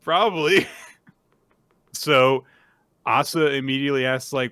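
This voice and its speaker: A man with a bright, forward voice recaps a story for his co-host in casual chat, leaping into little acted-out quotes along the way. The sound is dry and close, with no room around it. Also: on the high side, slow pace, pauses often, no room sound. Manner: animated storyteller, acts out quotes in bursts. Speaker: podcast co-host.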